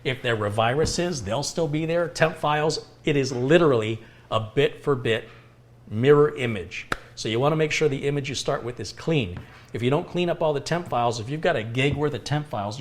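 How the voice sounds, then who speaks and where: American man hosting a repair livestream. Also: mid-range voice. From United States. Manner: explanatory, answers viewer questions with analogies. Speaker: computer repair livestream host. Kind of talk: live stream chat while repairing.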